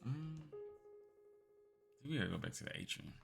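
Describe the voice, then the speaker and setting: A man streaming, reading a text game aloud as a calm bedtime story with quiet asides. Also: medium pitch, normal speed, vocal fry, over music.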